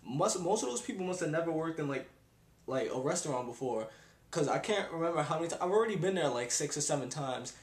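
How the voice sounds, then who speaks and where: A man's voice: fairly high pitch, expressive, quick pace. A young man, ranting in a casual vlog with exasperated sighs and slang. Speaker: vlogger. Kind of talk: casual rant. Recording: echoey room.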